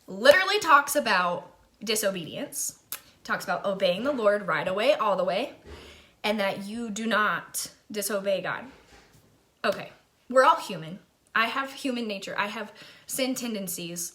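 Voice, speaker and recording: Bright-voiced chatty young woman vlogger. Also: medium pitch. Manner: emotional, chatty, laughs often. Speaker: faith vlogger. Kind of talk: personal testimony vlog.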